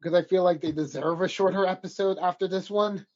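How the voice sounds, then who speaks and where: A man's voice: high voice, fairly even intonation, fairly quick, dull audio. A man co-hosting a casual animation podcast, talking hesitantly with many fillers. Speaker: podcast co-host.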